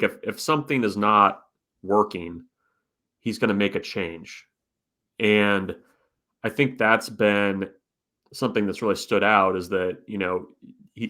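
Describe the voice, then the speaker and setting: A man's voice: lowish voice, sharp tone. A man co-hosting a sports podcast, asking long, winding questions and often repeating his words as he talks. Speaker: podcast co-host. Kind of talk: casual sports podcast chat.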